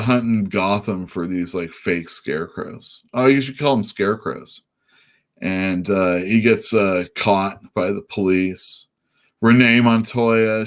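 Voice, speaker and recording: Lowish-voiced guy rambling casually about comics, tons of fillers and restarts. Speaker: comic shop show host. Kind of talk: casual chat.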